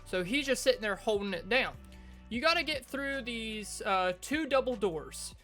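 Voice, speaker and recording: Chatty bright-voiced woman telling stories. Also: fairly high pitch, lively intonation, normal speed, soft background music. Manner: rambling, chatty anecdotes with restarts. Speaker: gaming video creator. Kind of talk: casual storytelling over gameplay.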